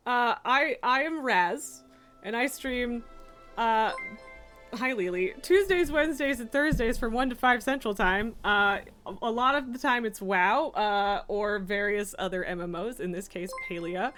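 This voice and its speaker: A woman with a slightly high voice talks slowly and easily on a live stream. She drifts between soft baby talk to her cat and bright, chatty greetings to viewers. Faint music plays underneath. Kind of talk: casual live-stream chat.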